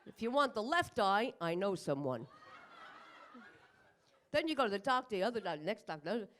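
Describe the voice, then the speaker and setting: A woman's voice: medium pitch, sing-song, moderate pace, a bit bright, a little hiss or hum. Older woman stand-up, brash and foul-mouthed, self-deprecating jokes, live club set. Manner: brash, profane, self-mocking punchlines. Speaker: stand-up comedian. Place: comedy club stage in front of a live audience.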